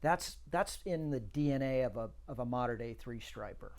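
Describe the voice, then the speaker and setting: A man's voice: mid-range voice, lively intonation, normal speed, darkish tone. A middle-aged man who hosts a talk show and chats casually in an earnest, emphatic way. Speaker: show host. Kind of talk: casual chat.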